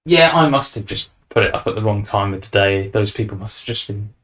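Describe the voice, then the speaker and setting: A man's voice: fairly low pitch, expressive, brisk, fairly bright tone. A young man hosting a podcast, chatting casually and rambling with fillers and restarts. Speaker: podcast host. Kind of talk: casual chat.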